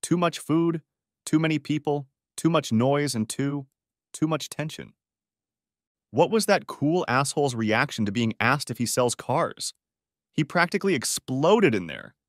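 A man's voice: a little high, lively intonation, measured pace, no room sound, clean studio sound, voice pushed up. A man voicing an awkward young man who stammers and apologizes a lot, in a story audiobook. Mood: irritated. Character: awkward young man, nervous and polite, stammers when put on the spot.

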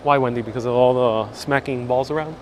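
A fast-talking man with a steady, medium-pitched voice walks through town hosting a live travel stream. He jokes and chats casually in answer to viewer comments, and his wireless clip-on mic has a little hiss or hum.

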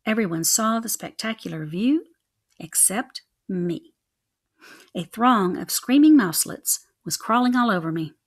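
A young adult woman reading a children's chapter book aloud in an expressive, rhythmic way. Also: mid-range voice, unhurried. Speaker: reader.

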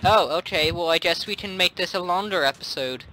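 A man's voice: high voice, brisk, pushed and bright. A man chatting casually and playfully while playing a game, laughing often. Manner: giggly and playful, frequent laughter. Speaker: gameplay commentator. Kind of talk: casual gaming chat.

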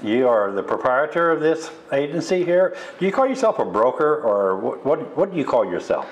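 A man's voice: mid-range voice, sing-song, moderate pace, slight background noise, rough recording. Older American man, rambling host. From United States. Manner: rambling, friendly, repeats himself. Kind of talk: casual interview. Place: insurance agency office.

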